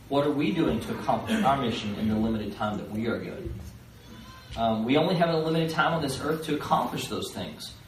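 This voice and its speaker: A man teaching a live seminar, animated, acting out the voices of the people in his stories. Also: mid-range voice, slight background noise. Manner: animated, acts out quoted voices. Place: fellowship hall, live. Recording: roomy live recording from far off.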